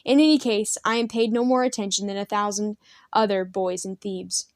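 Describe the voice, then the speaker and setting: A woman voicing an eager, irrepressible boy in a storybook reading, pitching her voice up. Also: steady tone, moderate pace, no echo, studio quality, lightly acted.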